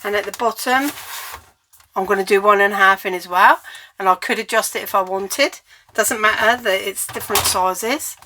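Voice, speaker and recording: A woman's voice: mid-range voice, moderate pace, background noise. An English woman giving a chatty, step-by-step cardmaking tutorial while she works at her crafting table.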